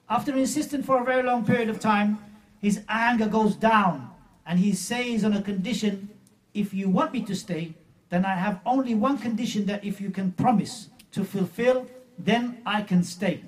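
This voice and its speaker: A man's voice: high-pitched, moderate pace, far from the mic. A man preaching a sermon, emphatic and mocking as he retells a story.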